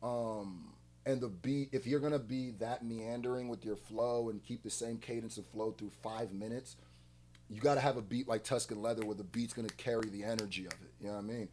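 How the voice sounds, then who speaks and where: A man's voice: on the low side, fairly even intonation, brisk. A man hosting a music reaction video, ranting hard with heavy profanity. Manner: heated, profane ranting, often loud. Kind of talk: reaction commentary.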